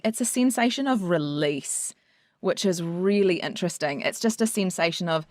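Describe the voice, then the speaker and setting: A woman's voice: lowish voice, animated, moderate pace, darkish tone, no echo, clean studio sound. A woman co-hosting a podcast, talking reflectively and openly about her own experiences and laughing often. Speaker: podcast co-host. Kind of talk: casual chat.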